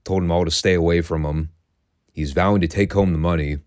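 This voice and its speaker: A deep, low-voiced man hosts a casual podcast, recounting old events with sardonic, profane amusement. His voice sits close to the mic in a dry, dead room with no echo. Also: fairly even intonation, fairly quick, a little mellow, clear, resonant tone. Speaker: podcast host.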